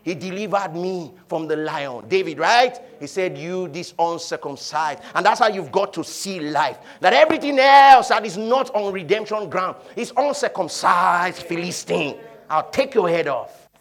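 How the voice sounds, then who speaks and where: High-voiced preacher swinging loud and soft. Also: male voice, animated, moderate pace. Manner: preaching with swings from shouting to quiet, leading call-and-response. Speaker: pastor. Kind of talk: sermon.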